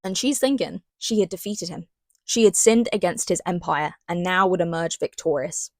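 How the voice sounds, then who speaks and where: A young woman giving a casual book review vlog, chatty and animated, with dramatic asides. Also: fairly low pitch, moderate pace, dry recording.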